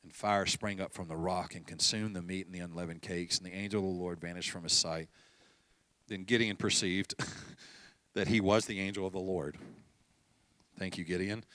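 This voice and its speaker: A male pastor delivering a sermon with a bright, forward tone that cuts through clearly. He preaches in a chatty, storytelling manner, slipping into quoted dialogue, and his voice sits dry and close with little room around it. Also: sits low, steady tone, moderate pace, pauses often, no echo. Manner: conversational storytelling, acting out dialogue with light laughs.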